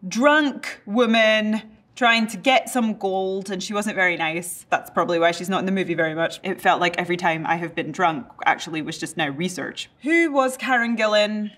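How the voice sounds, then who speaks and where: A woman's voice: medium pitch, moderate pace, fairly bright tone. A woman with a Scottish accent, an actor who reads questions aloud and answers them in a playful, chatty way. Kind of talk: casual interview.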